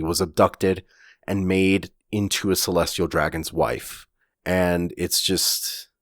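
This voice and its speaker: A man co-hosting a podcast, talking casually in a halting way with many fillers and restarts. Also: deep voice, dry recording, clean studio sound. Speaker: podcast co-host. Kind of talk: casual chat, recapping a comic chapter.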